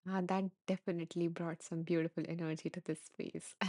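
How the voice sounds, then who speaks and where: A woman hosting a podcast, gently reading and answering live listener comments, soft-spoken and laughing softly, emotional and close to tears. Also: fairly low pitch, flat delivery, normal speed, no room sound. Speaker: podcast host.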